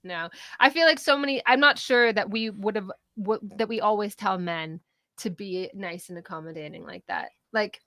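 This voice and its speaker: A middle-aged woman co-hosts a casual political talk show. Her voice is bright and her sound is close and dry. She talks in an animated way and laughs a lot. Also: mid-range voice, normal speed, no echo. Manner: animated, laughs often, swears. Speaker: co-host.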